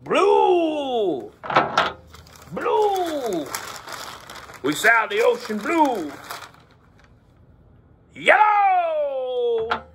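A male teacher running a playful lesson for children, cracking pirate jokes and slipping into a gruff pirate voice. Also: very high-pitched, big pitch swings, extremely slow, pauses often, noisy background. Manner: hammy, joking, slips into a gruff pirate voice.

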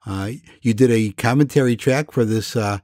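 A man of middling pitch hosts a podcast in casual talk. His voice is plainspoken and friendly, and the recording is dry and close with no room sound. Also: moderate pace, a little mellow, no room sound. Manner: friendly, plainspoken, a few fillers. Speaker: podcast host.

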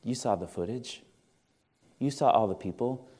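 A man's voice: medium pitch, normal speed, warm tone. A male pastor preaching a sermon in a church, earnest and conversational, asking the congregation questions. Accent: Midwestern American. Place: church sanctuary.

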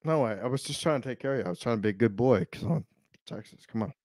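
A man talking as a podcast guest in brash, profane, rambling casual chat, swinging between loud outbursts and low mutters. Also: expressive, very fast, no room sound.

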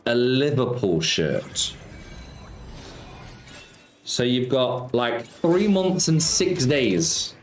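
A man's voice: medium pitch, animated, drawn-out words, long pauses. Chatty man streaming in a roomy space. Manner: chatty, reads out and answers viewer comments. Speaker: slots streamer. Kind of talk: casual live-stream chat with viewers. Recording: roomy sound with faint music.

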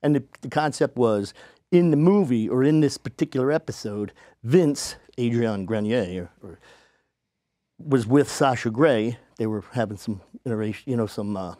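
A man, a podcast guest, telling a story casually and acting out the people he quotes in a higher voice. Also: normal speed, warm tone, dry recording, studio quality. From United States.

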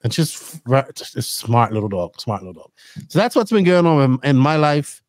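A middle-aged man hosting a podcast, telling rambling, animated stories in casual chat. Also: medium pitch, a little fast, no echo, clean studio sound. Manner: rambling, animated storytelling with laughs. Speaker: podcast host.

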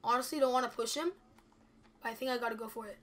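Bright-voiced young woman narrating her gameplay. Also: a little high, fast talker, a little hiss or hum. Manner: anxious, chatty, addresses viewers as guys. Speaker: gameplay video creator. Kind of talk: live gameplay commentary.

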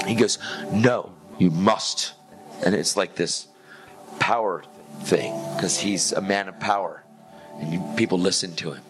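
A man preaches in a casual, energetic storytelling style, with a voice that sits a bit low. He acts out dialogue and drops in slang as he goes. A clear music bed plays underneath him. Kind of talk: sermon testimony storytelling.

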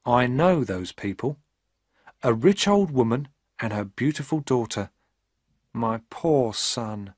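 A man voicing a worried, caring mother of a grown son, speaking slowly and gently, in a storybook reading. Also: mid-range voice, animated, dry recording, studio quality. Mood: pitying.

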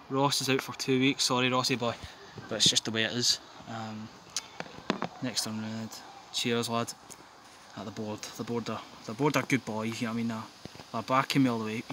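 A young man giving excitable, sweary, jokey commentary on his football game from his back garden, breaking into yells. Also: mid-range voice, slight background noise. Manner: sweary, jokey, bursts into yelling. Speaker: gaming commentator.

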